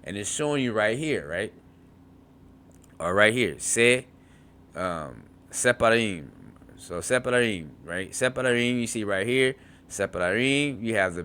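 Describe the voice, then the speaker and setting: A man with a bright, forward voice teaching beginners' Hebrew grammar. He reads textbook passages aloud and then breaks words into syllables, repeating them slowly. He often stops to check in with "right?". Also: lowish voice, smooth. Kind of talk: informal grammar lesson, reading from a textbook.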